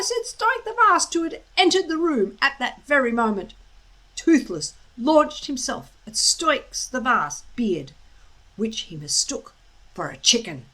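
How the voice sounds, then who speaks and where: Slow, expressive woman reading a storybook. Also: a little high, rough recording. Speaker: storyteller reading a children's book. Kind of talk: storybook read-aloud.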